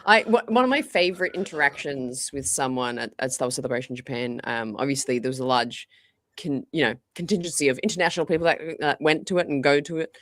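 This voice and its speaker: Low-voiced woman chatting animatedly. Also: dry recording. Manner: animated, fast, full of likes and restarts. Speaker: guest. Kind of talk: casual podcast chat.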